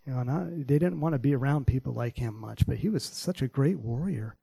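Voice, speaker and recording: Gravelly-voiced pastor telling a lively Bible story. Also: male voice, mid-range voice, fairly quick, no room sound, rough recording. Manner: animated storytelling, voices characters; prays softly, sometimes in a whisper. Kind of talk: sermon with acted-out Bible story.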